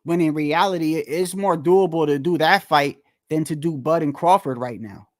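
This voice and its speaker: A man with a high, light voice rants about boxing straight to his viewers. He is heated and profane, circles back over the same words, and throws one rhetorical question after another. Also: moderate pace. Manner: profane, slangy. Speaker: boxing commentator. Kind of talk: casual rant to the audience.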